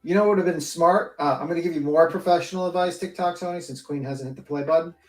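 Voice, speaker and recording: A woman's voice: on the low side, quick pace, darkish tone, soft background music. A woman panelist on a livestream, chatting casually and ranting bluntly with plenty of swearing. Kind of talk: casual chat. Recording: echoey room.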